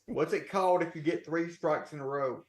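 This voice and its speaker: A man's voice: a little high, fairly quick. Man in an echoey room on a call. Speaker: call participant. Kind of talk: casual chat on a video call.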